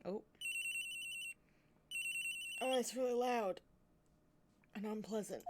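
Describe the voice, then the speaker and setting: A woman's voice: mid-range voice, animated, unhurried, long pauses, background noise. A woman streamer chatting and giggling through asides while she plays a game. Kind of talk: casual game commentary. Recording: game music behind.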